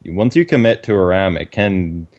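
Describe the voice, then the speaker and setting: A man's voice: sits low, moderate pace, darkish tone, lo-fi sound. A man co-casting a game, analytical and laid-back, chuckling as he explains tactics. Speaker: esports co-caster. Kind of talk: live game commentary.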